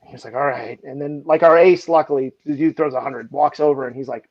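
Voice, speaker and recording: Man, slightly high voice, animated podcast storyteller, slightly muffled audio. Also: fast, hardly any pauses. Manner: animated anecdotes, heavy use of "like". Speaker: baseball pitching coach.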